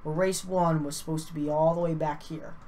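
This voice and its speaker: A woman's voice: low voice, fairly even intonation, brisk, slight background noise. A tired woman streaming a racing game, swearing as she struggles with a scoring program and sorts standings. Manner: frustrated, profane, muttering then shouting. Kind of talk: live stream commentary.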